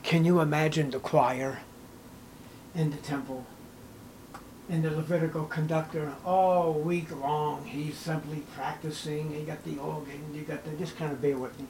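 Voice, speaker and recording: A male pastor preaching a sermon, emphatic, swinging between hushed lines and raised, punchy ones. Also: a little high, steady tone, moderate pace, a little hiss or hum, low-quality recording.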